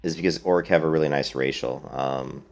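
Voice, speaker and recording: Over faint game music, a gravelly, very low-voiced man offers casual let's-play commentary, fielding viewer questions in a blunt, opinionated manner. He speaks fairly quickly in a steady tone.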